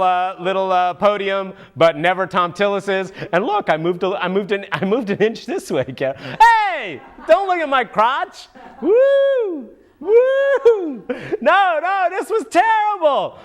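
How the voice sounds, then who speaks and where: A man puts on a cheeky monkey puppet who rants like a pundit in a comedy puppet show. The voice sits high and swoops all over the place. He jeers, jokes and lets out sudden whoops. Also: lively intonation, normal speed, hardly any pauses, a bit bright. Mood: mocking. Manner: goofy, mocking, with sudden whooping outbursts. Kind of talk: comic puppet political commentary.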